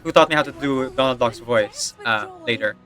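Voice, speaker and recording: A man streams a game while chatting casually, his medium-pitched voice pushed and bright at a moderate pace. He rambles with lots of fillers and laughs often. Faint game music plays behind him.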